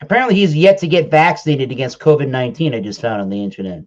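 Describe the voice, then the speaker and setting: A man from Massachusetts with a Massachusetts accent, chatting casually as co-host, dry and quick to laugh. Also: medium pitch, lively intonation, a little mellow, highs cut off. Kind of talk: casual chat.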